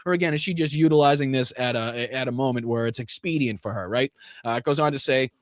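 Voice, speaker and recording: A man's voice: medium pitch, fast talker, dry recording, studio quality. A man with a Boston accent hosting a casual live political commentary stream, sarcastic and profane, rambling with restarts.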